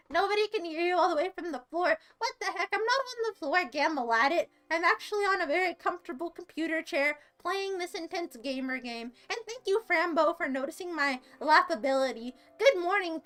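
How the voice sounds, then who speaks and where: A woman's voice: very high-pitched, fairly bright tone. A woman livestreaming a game and chatting with viewers in a theatrical, self-mocking, giggly way. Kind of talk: casual livestream chat reading comments while gaming. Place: seated at a computer.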